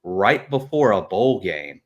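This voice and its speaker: A man's voice: on the low side, very animated, slow pace, dull audio. A man, co-hosting a casual sports podcast, blunt and trash-talking with lots of fillers. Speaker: podcast co-host.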